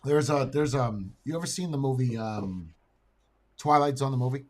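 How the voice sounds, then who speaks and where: A man's voice: medium pitch, moderate pace, background noise. A man co-hosting a casual talk show, blunt in his opinions, who repeats words and stammers as he tells a long story.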